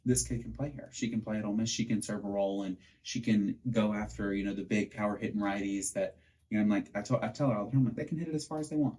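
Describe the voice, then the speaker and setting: A man, co-hosting a podcast. He tells coaching stories in a lively, animated way and acts out what people said. His voice sits a little low. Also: fast. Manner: animated storyteller, acts out quotes. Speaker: podcast co-host, pitching coach. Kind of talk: casual chat.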